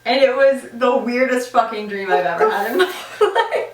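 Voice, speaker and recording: A woman's voice: on the high side, moderate pace, distant mic. Young woman podcaster, echoey off-mic sound. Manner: animated storytelling, swears, laughs often. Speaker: podcast co-host. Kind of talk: casual chat.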